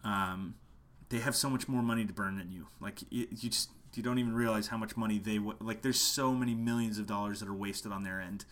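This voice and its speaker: A musician who teaches online marketing gives a casual, passionate lesson to camera from home late at night, hammering his points home by repeating them. His voice is lowish and fairly bright, with a steady tone, and he talks a little fast with few pauses.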